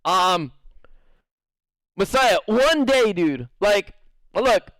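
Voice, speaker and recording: A young man talks loosely to his stream viewers, rambling and putting on other people's lines as he tells his stories. His voice sits high for a man. The recording is close and dry, with no room sound. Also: extremely slow, no room sound, poor audio. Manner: rambling, animated storytelling, playful acted-out quotes. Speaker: game streamer. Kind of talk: casual live-stream chat.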